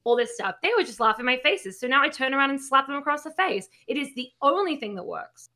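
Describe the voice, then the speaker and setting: Bright-voiced blunt woman in her thirties. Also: high-pitched, lively intonation, quick pace. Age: 30s. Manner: blunt, swearing, many fillers. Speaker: podcast co-host. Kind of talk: casual podcast chat.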